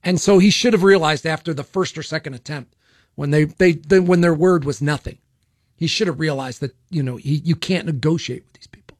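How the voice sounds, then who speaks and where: A man hosting political talk radio, his voice pitched a bit high for a man. He talks in a blunt, opinionated way, stumbling and repeating words as he goes. The studio sound is close and dry. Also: a little fast, no room sound. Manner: blunt, opinionated, repeats himself with frequent restarts. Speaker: radio talk show host. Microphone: studio microphone.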